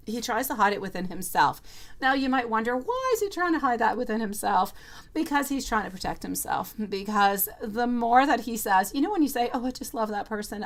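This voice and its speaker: A woman reading tarot on a live stream for viewers, talking in a chatty, rambling way and calling them sweetie and my lovely. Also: mid-range voice.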